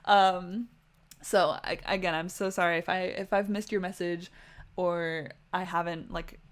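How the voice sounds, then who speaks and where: A woman streaming a life-sim game, talking through her story ideas in a chatty, rambling way, with lots of "like" fillers and soft apologies. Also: on the low side, fairly even intonation, unhurried. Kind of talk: casual livestream gameplay commentary.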